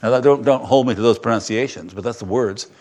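A middle-aged man preaching a sermon as pastor, talking conversationally with many fillers and breaking into sudden bursts of excitement. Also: medium pitch, fast.

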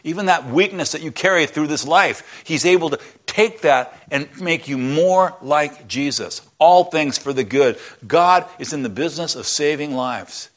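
A man's voice: on the high side, animated, moderate pace, hardly any pauses. A middle-aged man, a pastor, preaching a conversational sermon, reading scripture aloud and then applying it to his listeners. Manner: conversational Bible teaching, reads scripture aloud then applies it.

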